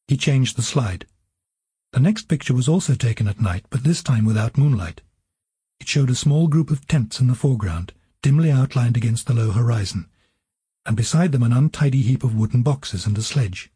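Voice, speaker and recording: A man narrating an audiobook in an even storytelling manner. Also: medium pitch, normal speed, slightly rough, no room sound.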